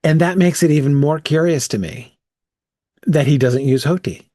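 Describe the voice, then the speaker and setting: A man's voice: on the high side, moderate pace, dark tone, no echo, clean studio sound. Man teaching a casual bible study. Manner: thinking aloud, frequent "right?" and "um".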